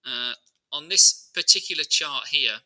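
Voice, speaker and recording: A man's voice: on the high side, a little slow, low-quality recording. A man hosting a live market analysis stream, chatting informally and answering viewer questions as he talks through charts. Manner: many fillers and restarts, relaxed and informal.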